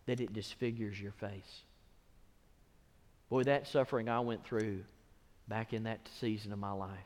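A man preaching a sermon as pastor, building from quiet testimony to impassioned shouts and back down low. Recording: long hall reverb.

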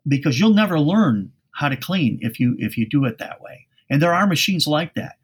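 A man's voice: a little high, big pitch swings, moderate pace, breathy edge. A man speaking as a guest expert on a cleaning podcast, telling anecdotes in a folksy way with frequent restarts. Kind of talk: podcast interview storytelling.

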